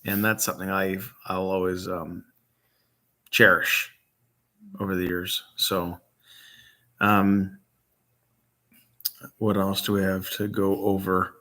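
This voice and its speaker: A middle-aged man from Michigan, a grieving father hosting a vlog, talks off the cuff with many pauses and ums, his voice catching as he nears tears. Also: low voice, flat delivery, pushed and bright. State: emotional, near tears. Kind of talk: unscripted casual talk to camera.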